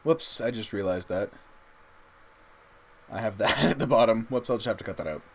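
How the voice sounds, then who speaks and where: A young man, chatting casually and haltingly with viewers while drawing on a livestream. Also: on the low side, expressive. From Canada. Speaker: streamer drawing live.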